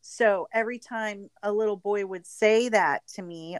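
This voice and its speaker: A woman's voice: mid-range voice, measured pace, few pauses, clear, resonant tone, no room sound. A woman in casual chat, talking frankly and bluntly, with a bawdy humor. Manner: frank, blunt and bawdy, acts out quoted voices.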